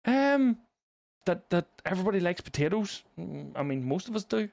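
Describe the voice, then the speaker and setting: A man's voice: high voice, sing-song, moderate pace, vocal fry, a little mellow, no echo. Cheerful swearing Irish man. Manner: swears freely, laughs often. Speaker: guest. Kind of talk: casual podcast chat.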